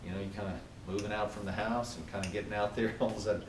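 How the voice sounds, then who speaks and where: Animated male trainer in an echoey room. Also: on the low side, rapid-fire, far from the mic, slight background noise. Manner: animated, asks the audience questions. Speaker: workplace trainer. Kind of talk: motivational training talk.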